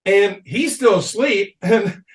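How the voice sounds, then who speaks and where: High-voiced man telling a rowdy story. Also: takes it slowly. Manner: animated storyteller, swears a lot, laughs mid-story. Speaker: podcast guest. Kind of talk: casual storytelling on a comedy podcast.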